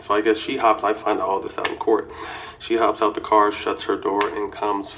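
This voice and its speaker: A man's voice: lowish voice, little pitch movement, fairly bright tone. Man telling a tense story in casual speech. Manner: quick, restarting narration with frequent profanity.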